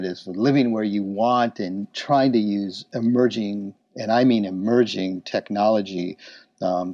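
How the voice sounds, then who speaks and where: A man's voice: fairly low pitch, dry recording. Guy telling old work stories, does the voices of people he talked to, dry muffled sound. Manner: animated, acts out remembered dialogue. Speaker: interviewee, illustration business owner. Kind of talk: reflective storytelling. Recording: slightly dull, dry recording.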